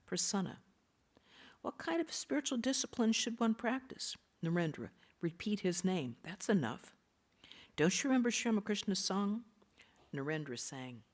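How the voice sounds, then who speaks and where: Low-voiced woman reading scripture slowly. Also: animated. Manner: slow, measured reading that drops into soft half-whispers; pauses to explain terms in a plain aside. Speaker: reader of a spiritual text. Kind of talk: reading scripture aloud to a study group.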